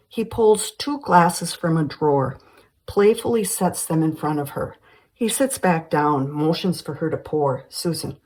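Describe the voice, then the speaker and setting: A woman's voice: sits low, expressive, measured pace, a little mellow, poor audio. A woman screenwriter reading a screenplay aloud, giving stage directions plainly and evenly.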